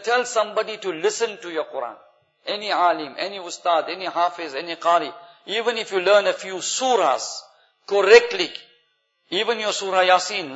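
A man's voice: a little high, fairly bright tone. A man giving an earnest, instructive sermon as imam, weaving Arabic phrases into his talk. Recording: echoey hall, dull lo-fi sound.

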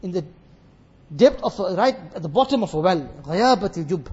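A man giving a sermon on a Quran passage, reciting verses and explaining them with lively acted dialogue. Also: high-pitched, rapid-fire, husky, lo-fi sound. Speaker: Islamic scholar teaching Quran commentary.

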